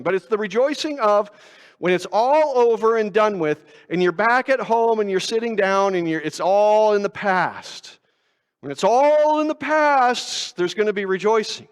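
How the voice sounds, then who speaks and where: High-voiced preacher in a reverberant church. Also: male voice. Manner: conversational, self-mocking preaching with rhetorical questions. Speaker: pastor. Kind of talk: sermon. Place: church sanctuary.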